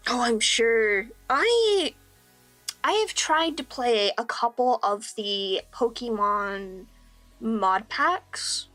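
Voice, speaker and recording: A high-pitched young woman chats on a live stream while she draws. She talks in a loose, rambling way, pokes fun at herself and breaks into laughter often. Faint music plays behind her. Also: fairly bright tone. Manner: chatty and rambling, laughs often, self-deprecating. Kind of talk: casual chat while drawing on stream.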